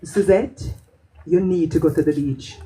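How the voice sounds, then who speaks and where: A woman's voice: low voice, a little slow, a little hiss or hum, voice pushed down, rough recording. A woman as an insistent herbalist. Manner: insistent, gently urging. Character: earnest female herbal healer giving advice.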